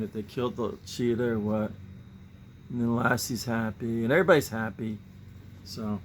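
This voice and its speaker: A man's voice: medium pitch, a little hiss or hum. A man hosting a casual show-and-tell about his comic book collection, rambling and musing with sighing asides.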